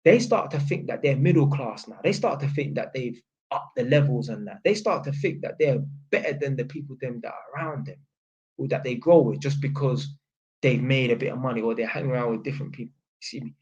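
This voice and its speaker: A man's voice: medium pitch, fairly quick, darkish tone, muffled recording. A man with a London accent talking on a livestream, blunt and emphatic, swearing often and ending lines with tag questions. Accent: London, Multicultural London English. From North London, England. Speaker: livestream host. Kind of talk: casual livestream monologue.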